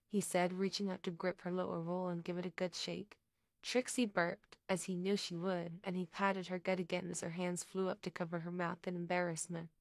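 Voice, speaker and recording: A woman narrating a story in a steady, even reading. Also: lowish voice, fairly quick, no room sound, studio quality.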